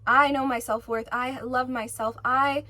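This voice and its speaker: Woman vlogger, slightly high voice, emphatic rambling monologue, swears a lot. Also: steady tone, a little slow, bright, forceful tone, no room sound. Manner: many fillers and restarts. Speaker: spiritual vlogger. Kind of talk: casual monologue to camera.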